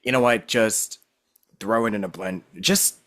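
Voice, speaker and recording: A man hosting a podcast interview in casual, animated conversation, laughing easily. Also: fairly low pitch, unhurried. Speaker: podcast host.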